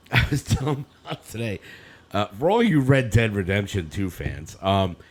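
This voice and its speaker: A man in his fifties co-hosting a casual podcast chat, his low voice rising and falling in a lively way. He rambles through stories and laughs easily as he goes. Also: unhurried. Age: 50s. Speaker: podcast co-host.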